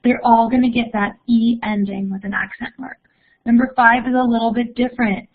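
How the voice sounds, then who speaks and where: Reading out answers from the chat, a young Spanish teacher keeps her live online lesson upbeat and encouraging. She speaks a little fast in a slightly high voice with fairly even intonation. The recording sounds narrow, as if over a phone.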